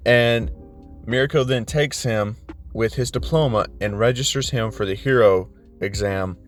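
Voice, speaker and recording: A man's voice: medium pitch, unhurried, soft background music. A man casually narrating a fan story in a loose, rambling way.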